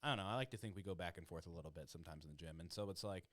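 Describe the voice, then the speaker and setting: A man's voice: low-pitched, racing, a bit bright. A young adult man hosting a podcast, chatting casually and animatedly, swearing freely. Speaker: podcast host. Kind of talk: casual chat.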